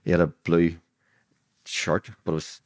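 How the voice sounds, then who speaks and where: A man's voice: low voice, monotone, a little slow, dry recording, clean studio sound. A man in his sixties with a Belfast accent, a podcast guest retelling events bluntly and acting out the dialogue as he goes. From Northern Ireland. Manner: vivid retelling that acts out quoted dialogue; blunt, swears freely. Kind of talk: storytelling interview.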